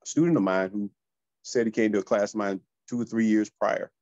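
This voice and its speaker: High-energy man telling stories. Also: a little fast, no room sound, lo-fi sound. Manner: high-energy, animated, addresses listeners as y'all. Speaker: real estate coach. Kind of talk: motivational storytelling.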